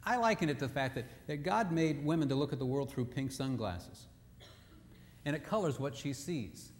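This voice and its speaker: A man's voice: medium pitch, expressive, moderate pace, slight background noise. A man giving a humorous marriage seminar talk, telling stories and acting out the quotes in them, with scripture mixed in. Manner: jokey storyteller who acts out quotes. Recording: echoey hall.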